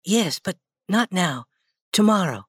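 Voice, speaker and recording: A woman voicing a shy young schoolgirl in a storybook reading, soft-spoken and hesitant. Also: lowish voice, expressive, slow, husky, dry recording, full character voice. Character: shy young schoolgirl, tender and easily hurt.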